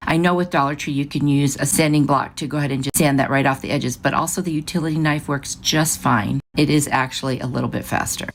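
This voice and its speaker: A woman's voice: low-pitched, steady tone, fast talker, hardly any pauses. A woman hosting a craft channel, chatting through each step of a project in a casual, upbeat way. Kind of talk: casual craft tutorial narration.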